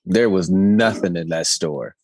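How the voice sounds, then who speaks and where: Man, low voice, congested, dry recording, deadpan podcast co-host. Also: a little slow, dry recording. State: congested, sick. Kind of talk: casual comedic chat.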